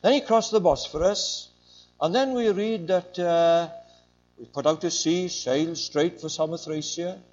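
Older male preacher, high voice, emphatic, muffled lo-fi recording. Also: a little slow, a little mellow. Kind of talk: sermon.

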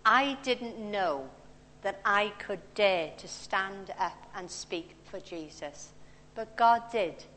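This woman's medium-pitched voice is animated, slow and a bit bright, with slight background noise present. She preaches a storytelling-style sermon full of personal anecdotes in a large church hall, captured through a handheld or stand mic with long reverb.

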